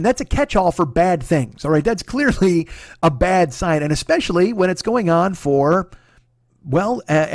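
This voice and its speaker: A man in his forties tells a long story on his solo comedy podcast, swearing freely and restarting his sentences often. His voice sits a little high for a man and carries a gravelly fry. The sound is dry and close, with no room around it. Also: no room sound. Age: 40s. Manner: profane, rambling, candid and confessional; frequent restarts and apologies while telling a story.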